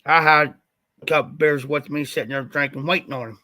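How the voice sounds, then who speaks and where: A man from Ohio hosts his own livestream and tells a long, winding story, slightly stuffed up from a recent flu. His voice is fairly high and bright with a tense edge. The sound is dry and close, with no room around it. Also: fairly even intonation, a little fast, no room sound. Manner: rambling, repeats "I said" often. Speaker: livestream host.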